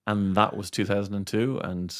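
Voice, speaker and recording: A man's voice: lowish voice, normal speed. A middle-aged Irish man, a radio presenter, telling stories animatedly in a casual interview. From Ireland. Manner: animated storyteller, acts out quoted voices.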